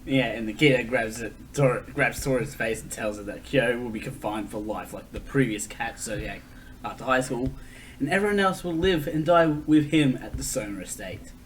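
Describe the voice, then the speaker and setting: A man recapping an anime in casual banter, animated and teasing and quick to laugh. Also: mid-range voice, distant mic, a little hiss or hum. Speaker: co-host.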